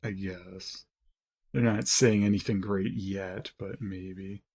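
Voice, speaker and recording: A woman's voice: very deep voice, fairly even intonation, slow, a little mellow, breathy edge. A woman co-hosting a podcast in casual chat, joking and laughing often. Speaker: podcast co-host.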